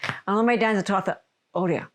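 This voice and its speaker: Fast-talking woman telling a story. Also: medium pitch, steady tone. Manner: rambling, self-correcting, emotional retelling. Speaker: podcast host. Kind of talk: personal storytelling.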